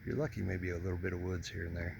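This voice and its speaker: Awed hiker man with a gravelly voice. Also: low voice, flat delivery, fast talker, background noise. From Indiana, US Midwest. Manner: enthusiastic, awed, chatty to viewers. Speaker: hiking vlogger. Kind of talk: casual narration while hiking. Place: outdoors on a mountain trail.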